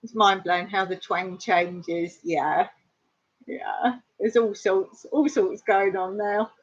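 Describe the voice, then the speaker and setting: A woman's voice: medium pitch, steady tone, takes it slowly, breathy edge. A middle-aged English woman hosting a casual live-stream chat, talking with viewers and laughing often. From England. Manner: chatty, laughs often, answers viewer comments. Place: rural home in Cyprus. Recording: dull lo-fi stream audio.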